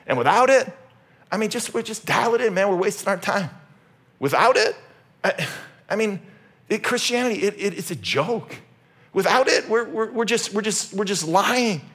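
A male pastor preaching a sermon with animated, sarcastic emphasis, moving from loud shouted repetition to conversational asides with frequent restarts. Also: high-pitched, moderate pace.

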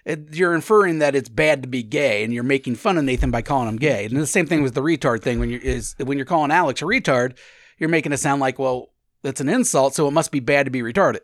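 A man's voice: medium pitch, fast, no echo, studio quality. A man hosting a podcast in crude, casual banter, rambling with many restarts and lots of swearing. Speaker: podcast host.

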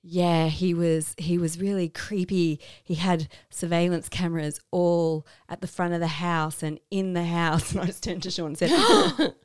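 A woman's voice: lowish voice, normal speed, few pauses, smooth, no room sound, studio quality. A woman in her thirties co-hosting a podcast, chatting casually and acting out quoted voices as she tells stories. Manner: animated storyteller, acts out quoted voices. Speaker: podcast co-host. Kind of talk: casual chat.

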